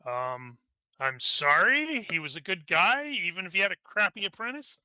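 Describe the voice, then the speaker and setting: A surly young apprentice, curt and dismissive with a rival, as a game master puts him on. His voice is rather high, very bright and sharp, and smooth, recorded close and dry. Tabletop game role-play. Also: big pitch swings, normal speed, no room sound, full character voice. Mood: grudging.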